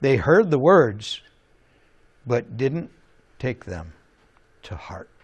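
A man preaching a sermon in an animated way, asking rhetorical questions and chuckling now and then. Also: medium pitch, extremely slow, husky, muffled recording.

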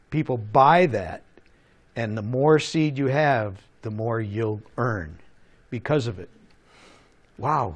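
A man preaching a sermon in an animated way, asking rhetorical questions and chuckling now and then. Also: medium pitch.

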